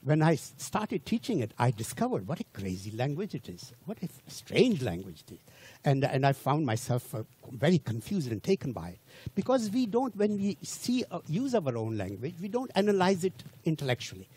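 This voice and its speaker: An older man lecturing to a general audience, his first language Hindi. His fairly high voice carries a slight huskiness. He talks in an animated, wandering way, pausing to toss out rhetorical questions and restart his sentences. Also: breathy edge.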